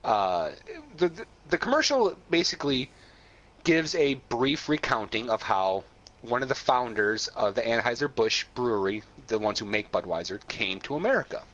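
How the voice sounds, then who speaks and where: A man's voice: mid-range voice, moderate pace. Laughing, swearing male podcast co-host, lo-fi. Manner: animated retelling, swears, laughs often, stammering restarts. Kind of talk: casual chat. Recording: dull lo-fi sound.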